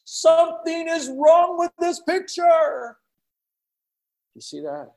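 A man preaching a sermon, acting out prayers and quotes with sudden swings from loud exclamations to hushed tones. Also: very high voice, sing-song, slow, vocal fry.

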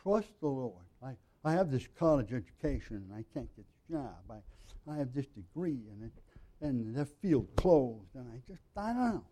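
A male pastor giving an earnest, conversational sermon, often clearing his throat. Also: medium pitch, big pitch swings, normal speed, dark tone. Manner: frequent throat clearing, earnest and plain-spoken.

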